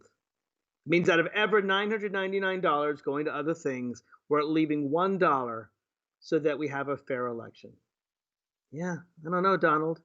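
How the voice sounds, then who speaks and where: A man's voice: on the high side, fairly bright tone. A male talk radio host from Virginia, doing political commentary with sarcastic, indignant rhetorical questions. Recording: muffled lo-fi broadcast audio.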